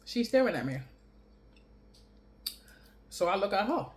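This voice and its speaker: A woman vlogger telling a story to camera in a blunt, profane, animated way, chewing and laughing between lines. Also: mid-range voice, unhurried, slight background noise. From New York City.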